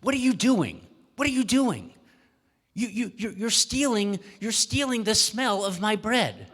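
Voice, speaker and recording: Indignant stammering baker, raised and loud, as a minister puts him on, story voice, echoey hall. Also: male voice, sits high, very animated, unhurried, voice pushed up, exaggerated voice. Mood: outraged. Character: angry greedy male baker shouting.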